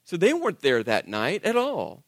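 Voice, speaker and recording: Animated high-voiced man preaching. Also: normal speed, no echo, studio quality. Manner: animated storytelling, acts out voices, drops to quiet intensity. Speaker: pastor. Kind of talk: sermon.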